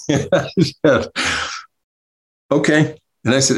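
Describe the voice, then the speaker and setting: A man telling a comic anecdote as a podcast guest, animated, acting out the people he quotes and laughing as he goes. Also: fairly high pitch, slow, faint music behind. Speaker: guest storyteller, comedy writer. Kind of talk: casual anecdote.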